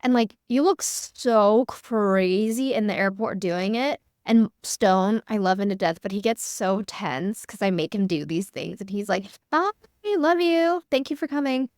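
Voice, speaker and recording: A woman's voice: medium pitch, measured pace, hardly any pauses, darkish tone, no room sound, clean studio sound. A young woman hosting an online workshop for creators, talking in a candid, chatty way with lots of "like" fillers. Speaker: workshop host. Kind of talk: casual workshop talk.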